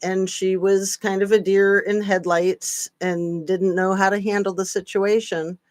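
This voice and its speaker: A woman's voice: mid-range voice, level tone, unhurried, dry recording. A woman hosting a casual live-stream chat, chatty with sarcastic asides. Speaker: channel host.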